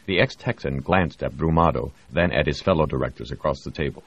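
A man reading a novel aloud as narrator, measured and expressive. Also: a bass voice, husky, no room sound. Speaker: audiobook narrator. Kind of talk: scripted narration. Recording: dry, slightly muffled audio.

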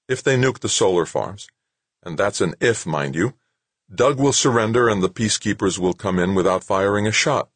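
A man's voice: fairly low pitch, normal speed, dry recording, pitched above the performer's own voice, close to an everyday voice. A man doing a big hearty reassuring fellow. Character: big cheerful reassuring red-haired man.

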